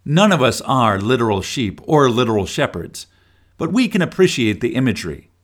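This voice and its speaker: A middle-aged man reading a scripted daily devotional in a slow, earnest way. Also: mid-range voice. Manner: slow, earnest reading with expressive rises and falls. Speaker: devotional speaker.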